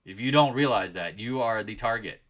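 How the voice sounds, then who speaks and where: A man's voice: on the low side, lively intonation, moderate pace, a bit bright. A man hosting a live market chat, scolding his viewers and raising his voice as he rants. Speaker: trading channel host.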